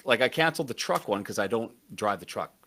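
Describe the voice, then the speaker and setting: A man in easygoing conversation whose pitch swings up and down as he jokes and tells stories. His voice stays mid-range, and a faint hiss of noise sits under the recording. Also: fast talker. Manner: animated, laughing storyteller. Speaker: co-host. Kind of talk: casual chat.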